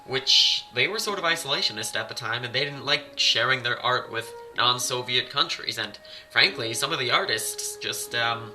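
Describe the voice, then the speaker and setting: A man's voice: mid-range voice, moderate pace, bright, forceful tone. Chatty, wry man over music. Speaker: vlogger. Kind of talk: casual vlog commentary. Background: music playing.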